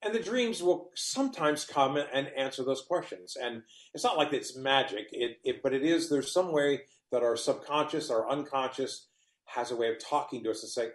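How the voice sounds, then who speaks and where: A man's voice: medium pitch, normal speed, roomy sound. A man appearing as a guest on a chat show, talking expressively and often restarting his sentences. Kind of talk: casual chat.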